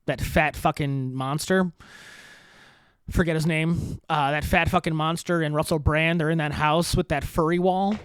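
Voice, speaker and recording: A man with a fairly high voice riffs through profane, sarcastic political commentary on his podcast. He laughs often between thoughts. The recording is close and dry, with no room sound. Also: smooth, no echo. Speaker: podcast host. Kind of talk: crude rambling political commentary.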